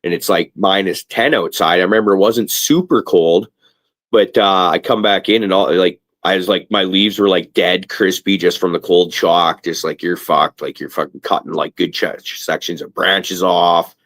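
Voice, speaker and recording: A man's voice: sits low, moderate pace. A Canadian man hosting a casual cannabis talk show, rambling and swearing a lot. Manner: profane, rambling, animated rants. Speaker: podcast host. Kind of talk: casual stoner chat.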